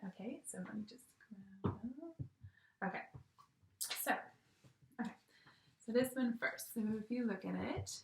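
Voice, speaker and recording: A woman teacher talks slowly and patiently through a recorded phonics lesson for young children. Her voice carries a slight vocal fry, and she keeps checking in with a sing-song "okay?". The sound bounces around an echoey room. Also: fairly high pitch.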